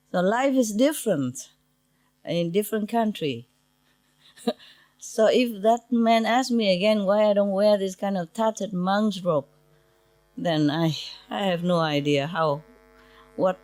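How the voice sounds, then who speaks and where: A woman's voice: medium pitch, darkish tone, no echo. A woman spiritual teacher speaking informally to her disciples in simple non-native English, often breaking into laughter.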